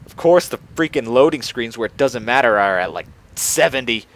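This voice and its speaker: A young man doing casual let's play commentary, playful and excitable, laughing often and trying silly accents. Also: mid-range voice, moderate pace. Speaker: gaming video creator.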